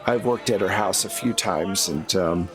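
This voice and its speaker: A man's voice: deep voice, measured pace, a crowd in the background, voice pushed down. A man playing a shrewd seventy-two-year-old woman in a tabletop game. She speaks in a wry, world-weary way and haggles hard.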